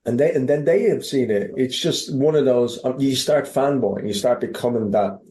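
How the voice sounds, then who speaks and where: A man with an Irish accent, a podcast guest telling stories in casual chat, animated, swearing freely and often restarting his sentences. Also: mid-range voice, moderate pace, reverberant. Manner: animated, profane, many restarts. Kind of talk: casual interview storytelling.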